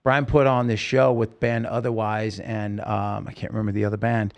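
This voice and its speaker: A man's voice: on the low side, level tone, normal speed. A man, a singer-songwriter, telling his own story in a podcast interview, earnest and rambling with many restarts.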